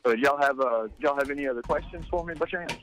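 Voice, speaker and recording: A man's voice: medium pitch, quick pace, over music, poor audio. Easygoing man. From North Carolina. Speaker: guest, cannabis advocacy director. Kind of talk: casual phone-in chat.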